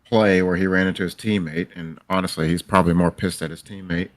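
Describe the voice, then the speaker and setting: A man's voice: low-pitched, steady tone, brisk. A man joining a casual live-stream discussion, talking hesitantly and thinking aloud. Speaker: co-host.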